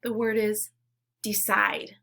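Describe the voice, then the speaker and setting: Woman teacher, phonics lesson for small kids, slow deliberate prompts, encouraging, mid-pitched voice. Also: little pitch movement, sharp tone. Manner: slow, clearly enunciated prompts with pauses for repeating. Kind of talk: phonics lesson for young children.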